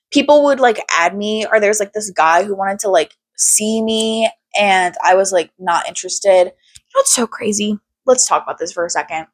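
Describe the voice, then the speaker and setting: A young woman hosting her own podcast in a loose, unscripted chat. She talks candidly and with animation, swears freely and fills her sentences with fillers. Her voice sits in a middle pitch for a woman. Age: young adult. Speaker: podcast host. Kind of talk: casual chat.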